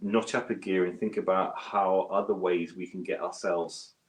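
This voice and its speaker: A British man, a guest bass player, chatting self-deprecatingly from his home studio over a video call. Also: normal speed. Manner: chatty and self-deprecating, with lively pitch jumps. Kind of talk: casual interview chat. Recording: roomy echo.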